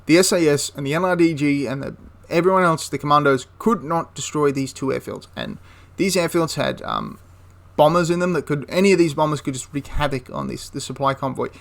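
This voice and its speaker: A man recounting a wartime episode in an easygoing, talkative way. His voice sits a little high for a man, and he often backtracks, repeats himself and adds asides mid-thought. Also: expressive, brisk, vocal fry, few pauses. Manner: rambling, with frequent restarts and asides. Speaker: history channel host. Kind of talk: casual history storytelling.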